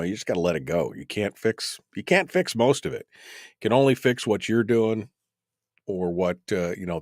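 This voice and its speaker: A man's voice: fairly low pitch, a little mellow, no echo, clean studio sound. A man hosting a casual call-in radio talk show, rambling loosely with many fillers and chuckles. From United States.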